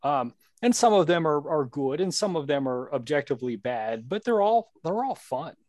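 A man's voice: a little high, animated, normal speed, darkish tone, dry recording, studio quality. A man co-hosting a casual podcast chat, rambling with many restarts.

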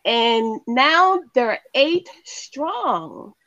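Lively woman podcast co-host, slightly muffled. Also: high voice, extremely slow, dry recording. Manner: warm affirmations, reads news stories. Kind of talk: casual chat and story reading.

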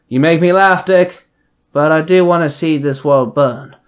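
A man voicing a cold, arrogant male assassin leader who speaks in a measured, condescending way in a fan audio story. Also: fairly high pitch, natural voice.

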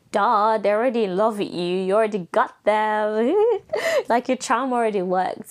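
Young female podcast host with an American-leaning accent, chatty, laughs easily, middle-pitched voice. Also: darkish tone. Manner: chatty, laughs often, acts out quoted people in higher voices. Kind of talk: casual solo podcast chat.

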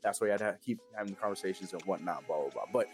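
Fast-talking man in casual podcast chat. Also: low-pitched, darkish tone, faint music behind. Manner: rapid, rambling, frequent restarts. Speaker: podcast co-host.

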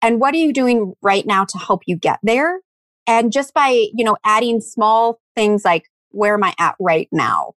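A woman in casual podcast chat, animated and acting out quoted lines as she tells stories. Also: medium pitch, a little slow, dry recording.

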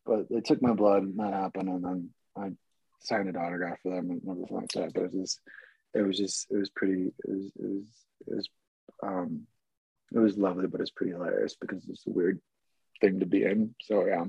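A man's voice: deep voice, fairly even intonation, a little fast, gravelly, warm tone, husky, no room sound, highs cut off. A man who works as an actor, telling a story in a rambling, amused way with many restarts and fillers. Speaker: actor guest. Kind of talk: casual storytelling.

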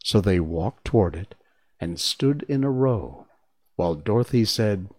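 Slow, expressive male storyteller. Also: lowish voice. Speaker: narrator. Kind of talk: storybook reading.

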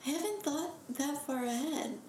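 A woman speaking in a casual, reflective chat, thoughtful and measured, trailing off softly. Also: high voice, expressive. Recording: echoey room with faint noise.

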